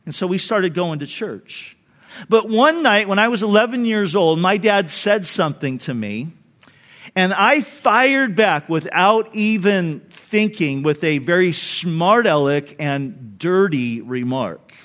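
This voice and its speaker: A male pastor preaching a sermon, telling a personal story earnestly and dropping soft and low for memories. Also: expressive, takes it slowly.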